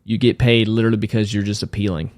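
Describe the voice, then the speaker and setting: A man co-hosting a casual podcast, laid-back and quick with short agreements. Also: fairly low pitch, level tone, a little mellow, no room sound, studio quality. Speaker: podcast co-host. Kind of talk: casual chat.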